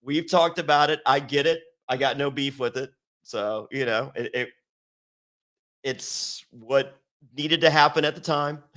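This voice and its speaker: A man from Virginia telling stories as an interview guest, swearing a lot and acting out quoted lines in a raised, excited voice. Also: mid-range voice, unhurried. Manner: animated, acts out quotes in raised voice, heavy swearing. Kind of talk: casual storytelling with profanity.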